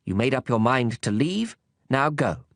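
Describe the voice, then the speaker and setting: A man's voice: medium pitch, lively intonation, measured pace, dry recording, clean studio sound. A man voicing a proud, vain female flower who speaks in a haughty, brittle way. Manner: haughty, brittle, holding back tears.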